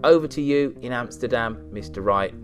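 A man's voice: medium pitch, normal speed, soft background music. A man hosting a political chat, pushing in with questions. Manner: pushy, interrupting with questions. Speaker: podcast host.

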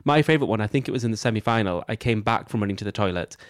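A young man co-hosting a casual podcast, telling animated, quick stories. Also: on the low side, no room sound, studio quality. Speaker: podcast co-host, former baking contestant. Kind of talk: casual chat.

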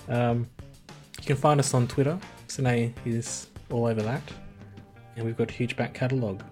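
A man's voice: medium pitch, fairly even intonation, moderate pace, darkish tone, faint music behind. A man co-hosting a podcast, chatting casually about a film in an easygoing, musing way. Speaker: podcast co-host. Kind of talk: casual film review chat.

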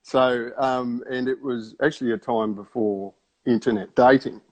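A stand-up comedian, telling a story slowly and wryly. He hesitates and meanders through his setup at a middle pitch. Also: steady tone, a little mellow, rough recording. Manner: wry, meandering, hesitant build-up.

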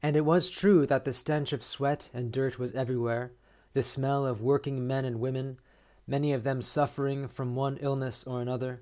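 A man hosting a podcast, reading a short story aloud in a measured, steady way. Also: mid-range voice. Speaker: podcast host.

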